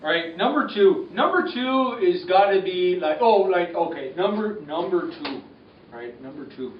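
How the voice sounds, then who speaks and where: A man's voice: sits high, lively intonation, moderate pace, noisy background. A man playing a rambling hoser sidekick in a comic sketch, full of "like". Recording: echoey, distant, dull lo-fi.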